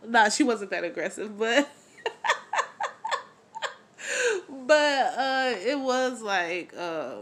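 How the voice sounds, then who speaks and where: A woman's voice: a little high, drawn-out words, pauses often. A young woman vlogger recapping a reality show in casual, slangy, gossipy chat, talking animatedly as she acts out bits of what people said. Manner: chatty, slangy, animated gossip with acted-out quotes.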